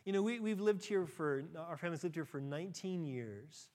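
A middle-aged man preaching a sermon, acting out quotes with big leaps in pitch and moving between quick and slow delivery. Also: expressive, a little mellow. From United States. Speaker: pastor.

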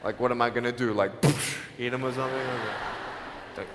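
An Australian man in his thirties giving an animated, jokey motivational speech and acting out the dialogue in his stories. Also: medium pitch, a little fast, very noisy. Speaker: motivational speaker. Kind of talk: stage speech with storytelling. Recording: reverberant large hall.

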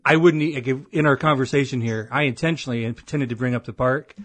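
A man's voice: medium pitch, fast talker, no echo. A man hosting a podcast in casual chat, telling stories in a rambling, self-deprecating way. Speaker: podcast host.

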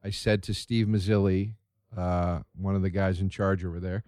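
A man from Philadelphia hosting a podcast, telling a story in an animated, casual way and swearing freely. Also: sits low, moderate pace, dry recording, clean studio sound. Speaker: podcast host. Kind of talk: casual chat.

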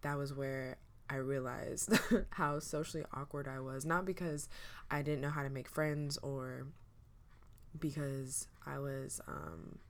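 A young woman speaks in a sleepy, low voice with a gravelly fry, almost a little manly. She hosts her podcast alone and talks slowly through her thoughts, hesitant and reflective, stopping often to restart. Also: steady tone. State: sleepy, just woke up. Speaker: podcast host. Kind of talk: casual solo podcast monologue.

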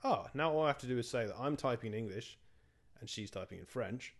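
A man's voice: mid-range voice, expressive, quick pace. Wry young man telling a story casually. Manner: stammering restarts, wry storytelling. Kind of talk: casual chat.

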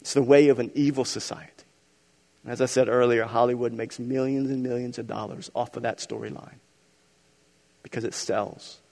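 A man preaches a sermon from the pulpit, his delivery rising to loud emphatic peaks and sinking to hushed, intimate stretches. His voice sits at an ordinary middle pitch. A long reverb hangs in the large sanctuary around him. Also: steady tone, moderate pace, gravelly. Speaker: pastor.

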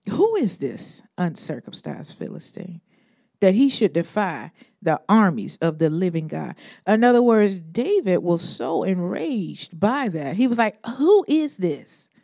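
Animated woman preacher, dark warm voice. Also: on the low side, a little slow, creaky, no echo, studio quality. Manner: animated preaching, acts out Bible figures in modern slang; swings between loud emphatic bursts and hushed asides. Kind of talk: sermon.

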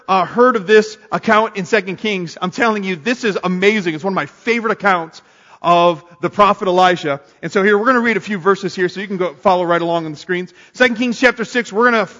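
A man preaching a sermon to a congregation, energetic and calling on them to answer back. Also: high voice, fast talker, highs cut off. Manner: energetic, calls on the congregation to respond. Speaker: pastor. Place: church sanctuary. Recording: long hall reverb. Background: congregation responding.

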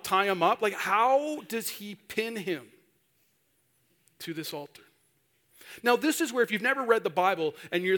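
A man's voice: high-pitched, a bit bright. A male preacher giving a sermon, telling a story animatedly and acting out the voices of the people in it.

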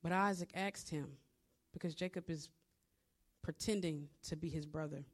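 A woman's voice: low-pitched, normal speed. A woman preacher giving a conversational, story-driven sermon, retelling a scripture story with asides.

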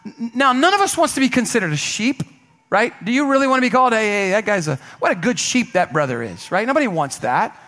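Male pastor, high-pitched, emphatic sermon delivery, call-and-response with the congregation. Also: sing-song, fast talker, pushed and bright. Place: church sanctuary.

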